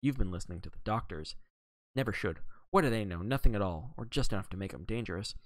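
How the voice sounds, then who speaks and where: A man reading a novel aloud, voicing a gruff, blunt middle-aged Englishwoman with a snappish, scornful manner. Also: fairly low pitch, expressive, fast, no room sound, natural voice. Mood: indignant.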